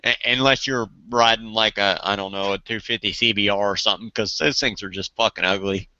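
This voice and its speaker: Man, casual chat host, joking and swearing, very bright clear voice, dry dull recording. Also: on the low side, fairly even intonation, fairly quick, dry recording. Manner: joking, swearing, laughs often. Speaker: channel host.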